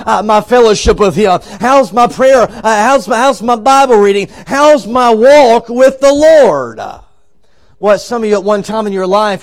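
High-voiced evangelist preaching a revival sermon. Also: male voice. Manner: preaching with rising and falling emphasis, calling on the congregation. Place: church sanctuary.

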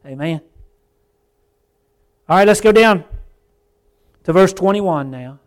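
Male preacher with a fairly high voice; fervent evening sermon, drops to near-quiet then surges loud. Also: animated, takes it slowly. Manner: fervent, swings between hushed and loud; addresses congregation as folks and brother.

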